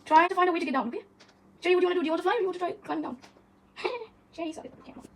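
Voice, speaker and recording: Indoors at home, a woman films her pet bird on a handheld phone camera, talking to it in a coaxing, sing-song way. Her voice is very high-pitched, animated, and rapid-fire, with a little hiss or hum on the recording.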